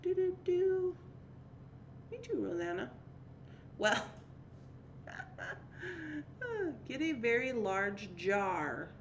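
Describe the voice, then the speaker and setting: Chatty woman, lively, echoey room. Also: fairly high pitch, very slow, pauses often, muffled recording, a little hiss or hum. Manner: chatty, laughs often, reads viewer comments aloud. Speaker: livestream host. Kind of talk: casual chat.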